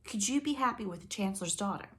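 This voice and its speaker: A woman's voice: mid-range voice, animated, fast talker, a bit bright, natural voice. A woman voicing a clever, determined young princess in a read-aloud storybook. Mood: worried. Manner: polite but cunning.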